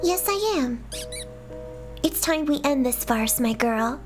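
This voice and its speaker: A woman plays a steady young girl from a game who speaks with calm firmness. The voice sits high but stays even and reproving. A fan dub feel, soft music behind. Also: slow. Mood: firm.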